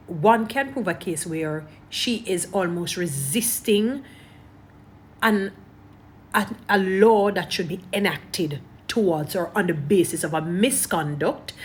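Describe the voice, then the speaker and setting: Jamaican woman commentator, lowish voice, preachy and emphatic, light background hiss. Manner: emphatic, preachy, repeats points. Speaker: online commentator. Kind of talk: casual commentary to camera.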